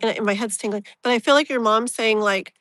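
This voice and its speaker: A woman with a bright, forward voice that sits a little high. She hosts a live tarot reading in a loose, rambling way, full of fillers and open feeling. The sound is dry and close. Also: quick pace, no room sound. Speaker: tarot reader, live stream host.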